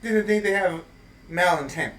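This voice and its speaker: A man from Los Angeles hosting a casual podcast chat, an animated storyteller who laughs through his stories. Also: high voice, moderate pace, reverberant, recorded from a distance. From Los Angeles, USA. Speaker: podcast host. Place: podcast studio.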